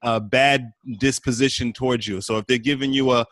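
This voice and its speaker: A man of middle pitch hosts a podcast conversation and chimes in with upbeat, encouraging advice. His voice sounds dry and close, with no room echo. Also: fairly even intonation, fairly quick, fairly bright tone. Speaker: podcast host. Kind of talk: conversational interview.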